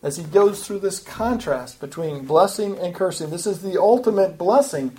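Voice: animated, normal speed, warm tone. A preacher teaching through scripture verse by verse, with earnest emphasis and repeated, restarted phrases. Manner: earnest, emphatic, rises in pitch and volume when stressing a point; talks in repeating, back-and-forth phrases with small restarts. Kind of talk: expository Bible teaching.

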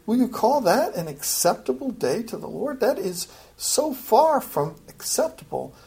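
A woman's voice: sing-song, measured pace, gravelly, dark tone. A woman preaching a sermon in an emphatic teaching style, often restarting phrases. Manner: emphatic, rises in pitch for quoted lines, frequent restarts. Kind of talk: expository sermon.

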